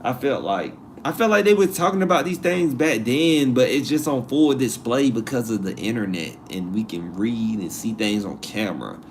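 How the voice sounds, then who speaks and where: A man's voice: mid-range voice, normal speed, hardly any pauses. A man hosts a live stream in loose, slangy chat, answering viewers' comments as he reads them. His voice sits in the middle range, and he repeats and rephrases himself often. A faint noise hums behind him. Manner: animated, repeats himself, slangy asides and laughs.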